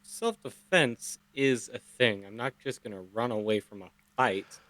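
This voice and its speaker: A man's voice: mid-range voice, unhurried, fairly bright tone, no room sound. A man playing his character in a tabletop game, defiant and matter-of-fact. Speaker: player.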